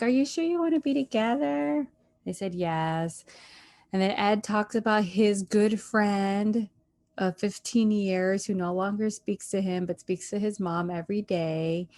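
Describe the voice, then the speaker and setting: A woman hosting a casual chat, retelling events in an animated, storytelling way. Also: medium pitch. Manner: animated storyteller, acts out quotes. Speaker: podcast host.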